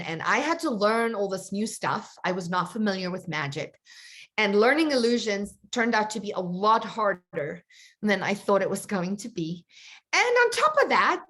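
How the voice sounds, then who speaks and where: A woman coach telling a personal story to her group in a chatty, animated way. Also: medium pitch. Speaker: confidence coach. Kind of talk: storytelling in an online coaching session.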